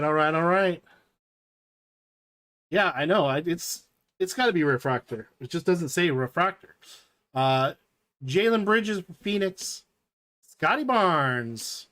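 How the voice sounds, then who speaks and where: Slow-talking enthusiastic card break host. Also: medium pitch, fairly bright tone. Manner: chatty, enthusiastic, reading out cards as they appear. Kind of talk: live card-opening stream commentary.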